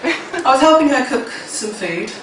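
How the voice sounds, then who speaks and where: A woman's voice: high voice, animated, unhurried, recorded from a distance. A woman in her thirties doing a stand-up comedy set, rambling and self-mocking with plenty of swearing. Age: 30s. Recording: echoey room from afar, loud crowd. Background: laughing audience, noise.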